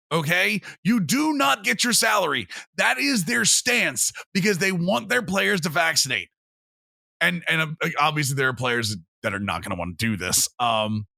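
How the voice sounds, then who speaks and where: Excitable high-voiced man with gravelly edge. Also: no echo, studio quality. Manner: animated, laughs often, reads quotes mockingly. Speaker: sports podcast co-host. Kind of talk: casual sports chat.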